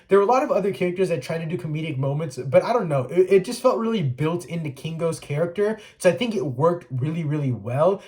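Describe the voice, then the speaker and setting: A man's voice: fairly high pitch, a little mellow. A man giving a casual spoiler review, chatty and full of "like" and restarts. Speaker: movie reviewer.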